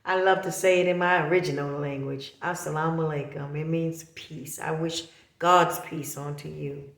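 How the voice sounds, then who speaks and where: A woman's voice: low voice, fairly even intonation, normal speed, roomy sound. A middle-aged woman talking straight to her viewers, impassioned and accusing, repeating her points. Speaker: vlogger. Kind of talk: emotional direct-to-camera talk.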